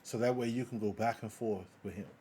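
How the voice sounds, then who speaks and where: A man's voice: fairly low pitch, fairly quick, dark tone, a little hiss or hum. Emphatic American man ranting in a live chat. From United States. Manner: emphatic and repetitive, rhetorical questions. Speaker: guest commentator. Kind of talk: heated political talk in a live audio chat room.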